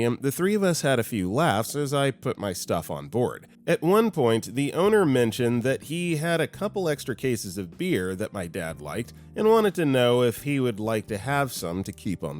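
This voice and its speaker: A man narrating stories in an expressive, scripted delivery. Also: mid-range voice, normal speed, few pauses. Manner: expressive storytelling. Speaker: story narrator. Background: faint guitar music.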